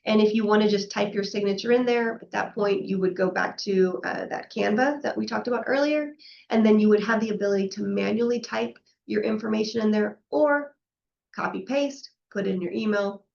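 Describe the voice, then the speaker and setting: A woman presents a professional session in a chatty, conversational way, often tossing in a "right?" and acting out quoted back-and-forths. Her voice carries a gravelly fry, and the recording sounds somewhat muffled and lo-fi. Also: mid-range voice, moderate pace, darkish tone, a little hiss or hum. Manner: conversational, frequently adds "right?" and acts out quoted exchanges.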